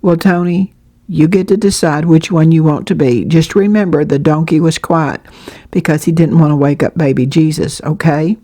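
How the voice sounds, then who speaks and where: A woman's voice: deep voice, steady tone, moderate pace, mellow. A woman voicing a kind pastor's wife who speaks encouragingly.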